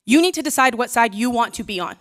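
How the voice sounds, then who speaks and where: A woman giving a forceful, pleading public comment at a city council meeting, asking rhetorical questions. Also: fairly high pitch, expressive, fast.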